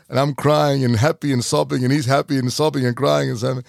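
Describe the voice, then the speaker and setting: A middle-aged Australian man hosting a podcast and telling a personal story, pausing and repeating words as he recalls. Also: medium pitch, vocal fry, darkish tone, no echo, studio quality. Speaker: podcast host.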